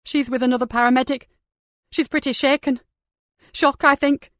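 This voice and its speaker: A woman's voice: high voice, steady tone, normal speed, fairly bright tone, dry recording, pitched above the performer's own voice. Woman voicing a frantic, caring female detective. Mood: reassuring. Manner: urgent, scolding, emotional.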